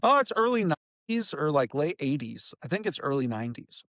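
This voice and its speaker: A man's voice: a little high, very animated, a little fast, a bit bright, dry recording, clean studio sound. A man from Indiana co-hosting a podcast in casual chat, rambling and trailing off into restarts as he talks. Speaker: podcast co-host.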